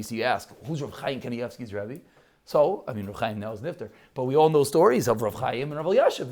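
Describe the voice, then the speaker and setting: A man's voice: mid-range voice, a little mellow. A man giving a Torah talk to a live audience, telling stories animatedly and posing rhetorical questions.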